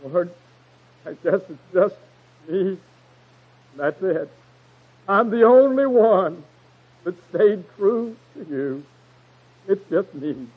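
A man's voice: high voice, lively intonation, slow pace, pauses often, darkish tone, breathy edge, full character voice, poor audio. A man voicing a self-pitying lone prophet. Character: self-pitying lonely male prophet, despairing.

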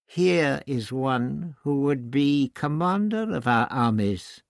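A man voicing a sly, sneering high priest. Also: lively intonation, gravelly, no room sound. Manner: sly, dry, drawn-out delivery. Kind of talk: audiobook character voice.

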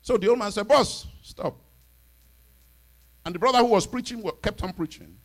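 A man preaching a sermon, telling stories in an animated way and building into shouted declarations. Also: high-pitched, racing. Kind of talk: storytelling sermon, rising into shouted exhortation.

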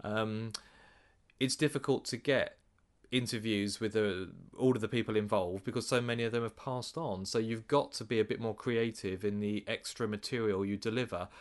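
A man hosting a podcast, introducing segments in a measured, slightly hesitant way. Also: fairly low pitch, fairly even intonation. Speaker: podcast host. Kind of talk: casual podcast chat.

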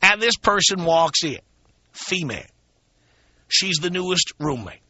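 A man's voice: sits high, animated, unhurried, pushed and bright. A male talk radio host telling a frank, emphatic story to his listeners, casual and blunt, with many fillers. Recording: dull lo-fi radio broadcast.

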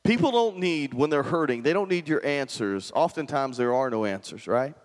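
A man's voice: mid-range voice, animated, moderate pace, big-room sound. A male pastor preaching a conversational sermon and often asking the congregation questions.

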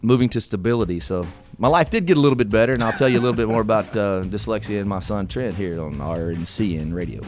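A man's voice: fairly low pitch, animated, quick pace, few pauses, over music. A middle-aged man hosting a radio talk show, telling personal stories in a folksy way with laughs. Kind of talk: casual storytelling talk. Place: radio studio.

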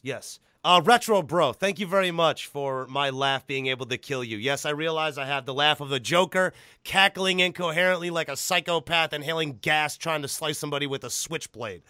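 A man hosting a podcast in loose, casual chat, excitable and profane, breaking into loud laughs. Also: a little high, clean tone, dry recording, studio quality. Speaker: podcast host.

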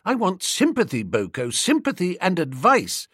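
A man voicing an idle, chatty young English gentleman in an audiobook, with a husky voice. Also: sits high, huge pitch swings, moderate pace, no echo, studio quality, pitched above the performer's own voice, exaggerated voice. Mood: pleading. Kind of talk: audiobook character reading.

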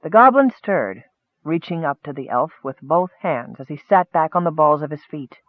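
A man narrating a fantasy story in a steady, measured audiobook reading. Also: a little high, no echo, narrow, tinny audio.

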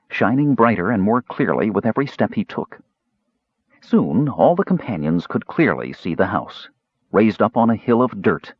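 A man narrates an audiobook in a lively, expressive storytelling voice with a husky edge. The recording sounds dull and lo-fi, with a dry, close sound. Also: fairly low pitch, dry recording.

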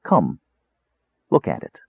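A man reading an audiobook and voicing a cold, sinister, frail young male mage who speaks calmly and grimly. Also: dry recording, close to an everyday voice. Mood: cold, measured. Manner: calm, grim and measured. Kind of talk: audiobook character voice. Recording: tinny phone-like audio.

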